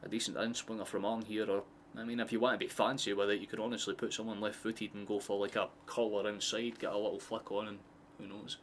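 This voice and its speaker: A Scottish man streams a football watchalong, his fairly low voice running a loose, excitable, swear-heavy commentary. He wanders into chatty asides between plays, with a faint steady hum behind him. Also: quick pace. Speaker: streamer hosting a match watchalong. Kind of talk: live casual football commentary.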